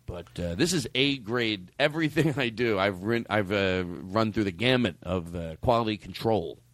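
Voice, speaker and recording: A man's voice: on the low side, expressive, normal speed, fairly bright tone, dry recording. A man hosting a podcast in casual chat, joking and rambling with self-mocking asides. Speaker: podcast host.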